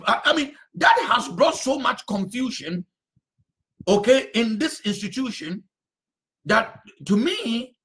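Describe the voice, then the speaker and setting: Male pastor, unhurried sermon delivery with animated intonation and emphatic repetition. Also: extremely high pitch. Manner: emphatic, repeats phrases, sometimes shouts.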